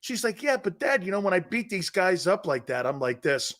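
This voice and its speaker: A middle-aged man hosting a sports talk show tells a story in an animated way, his voice high-pitched and brisk. He is excitable, laughs loudly, and acts out the quotes.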